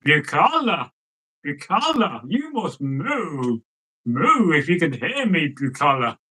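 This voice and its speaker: Determined young Viking boy, earnest and loud, fairly high voice; a male narrator plays him. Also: very animated, takes it slowly, slightly rough, exaggerated voice, low-quality recording. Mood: calling. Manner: earnest, calling out loudly.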